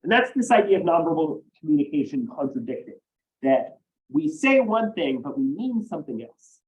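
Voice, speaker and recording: A man's voice: fairly high pitch, big pitch swings, moderate pace, darkish tone, muffled recording. A man teaching a college class, explaining ideas step by step and often checking in with "right?". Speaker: college instructor. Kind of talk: classroom lecture.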